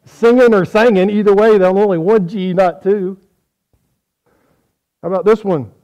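A man's voice: high voice, fairly even intonation, moderate pace, mellow, highs cut off. A man preaching a folksy sermon, quizzing his audience on how they say words.

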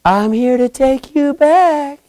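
A man voicing a kind, soft-spoken woman stranger who offers help. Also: no echo. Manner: soft, sweet, slow, rising higher.

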